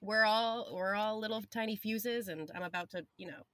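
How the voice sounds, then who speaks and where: A woman's voice: mid-range voice, moderate pace, fairly bright tone. A woman and parent offering reassurance in candid chat, blunt and casually swearing. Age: adult parent.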